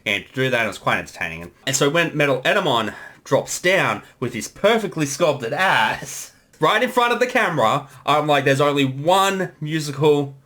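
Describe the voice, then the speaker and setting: A man riffing casually through a creator commentary, his voice bright and animated as he jumps between anecdotes. He talks in a loose, laughing way. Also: medium pitch, brisk.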